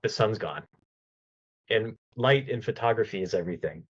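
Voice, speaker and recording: A man with a fairly low voice tells a long anecdote as a podcast guest, animated and chatty. He often stumbles and restarts mid-sentence. The recording sounds somewhat dull and lo-fi. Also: normal speed, breathy edge. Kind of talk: casual storytelling in an interview.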